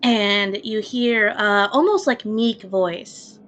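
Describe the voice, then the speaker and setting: A woman's voice: medium pitch, slow, hardly any pauses, a bit bright, slight background noise. A woman narrating a tabletop game as game master, describing scenes in a casual way. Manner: descriptive, laughs easily, casual.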